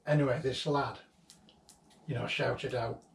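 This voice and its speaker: Fondly and with a laugh here and there, a vlogger rambles through memories of a late friend while in an old house being cleared. His creaky, mid-range voice moves at a measured pace with fairly even intonation. The recording sounds roomy, with a distant mic and faint noise behind him.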